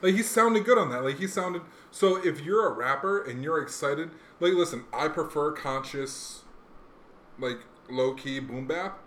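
A man's voice: a little high, animated, measured pace, fairly bright tone, a little hiss or hum. A man chatting casually about rap music, rambling with many fillers and restarts. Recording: echoey room.

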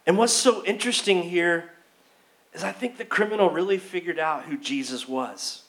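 High-pitched guy preaching in church, chatty storytelling sermon, acts out the quotes. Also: moderate pace, a bit bright. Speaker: pastor.

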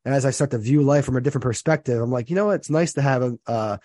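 A podcast co-host in his thirties from New Jersey talks quickly and thinks aloud. He is reflective and often repeats his phrases. He is recorded close and dry. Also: mid-range voice, warm tone, dry recording. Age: 30s. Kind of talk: casual chat.

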